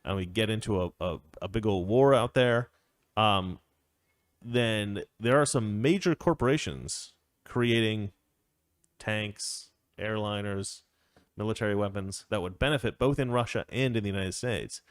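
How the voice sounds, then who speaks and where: A man's voice: fairly low pitch, measured pace, no echo, studio quality. A man hosting a casual political commentary show, opinionated and rambling, chuckling often as he talks. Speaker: show host.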